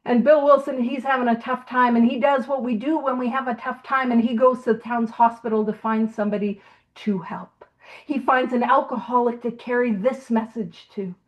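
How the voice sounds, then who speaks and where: A woman with a fairly high voice leads a recovery meeting. She tells a story in a lively, casual way, with frequent laughter. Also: moderate pace, dull audio. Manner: animated storyteller, laughs often. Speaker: meeting leader.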